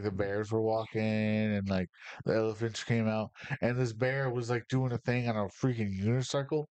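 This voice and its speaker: A man's voice: medium pitch, darkish tone, no echo. A man from Michigan telling rambling personal stories on a casual podcast, profane and fired up. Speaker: podcast host. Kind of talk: casual storytelling.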